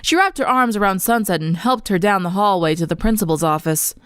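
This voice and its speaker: A young woman reading a fan story aloud in an earnest, expressive storybook narration. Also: mid-range voice, fairly quick, smooth, no echo, studio quality. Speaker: fanfiction reader.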